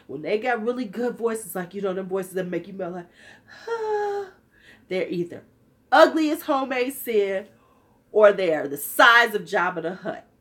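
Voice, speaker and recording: A woman in her fifties talks straight to her viewers in a candid, joking, sassy way. She keeps a casual livestream chat going at a mid pitch, and her voice sounds a little worn out. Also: lively intonation, unhurried, fairly bright tone. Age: 50s. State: slightly worn-out voice. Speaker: vlogger.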